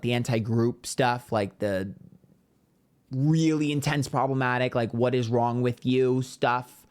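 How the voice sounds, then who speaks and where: Profane, heated tarot-reading vlogger. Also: medium pitch. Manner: talks straight to viewers. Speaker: tarot reader. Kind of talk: casual ranting vlog.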